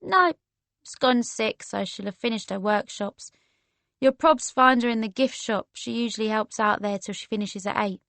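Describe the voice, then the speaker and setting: A woman's voice: a little high, moderate pace, creaky, fairly bright tone, no echo. A woman voicing a friendly, laid-back young woman with a London accent who talks in casual slang. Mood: easygoing. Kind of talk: audiobook character voice.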